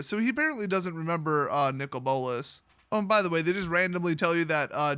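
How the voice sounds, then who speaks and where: A man's voice: on the high side, bright, forceful tone, no room sound, clean studio sound. A young man hosting a casual, sarcastic recap of a fantasy story, mocking it in slang-heavy talk. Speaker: YouTube host.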